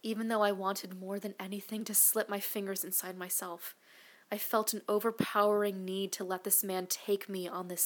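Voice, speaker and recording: A woman narrating an erotic audio story, mostly in a hushed, breathy whisper. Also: mid-range voice. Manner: hushed, breathy, intimate delivery.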